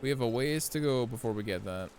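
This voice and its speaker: A man's voice: mid-range voice, expressive, quick pace, darkish tone, slight background noise. A young man commentating his live game playthrough, blunt and profane, talking straight to his chat. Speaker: streamer.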